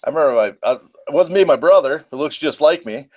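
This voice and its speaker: A man's voice: on the high side, lo-fi sound. A male podcast co-host in casual banter, joking at his own expense. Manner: quick, lively, self-deprecating.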